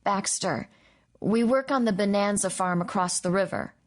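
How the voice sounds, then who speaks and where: A man's voice: high-pitched, normal speed, natural voice. Woman voicing a worried German-accented farmer father. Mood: pleading. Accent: slight German.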